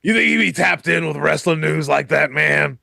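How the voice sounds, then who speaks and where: A man doing an impression of a rambling, boastful older male pro-wrestling star on a podcast, in a gravelly drawl. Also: a little high, moderate pace, sharp tone, dry recording, voice pushed up, exaggerated voice. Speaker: podcast co-host.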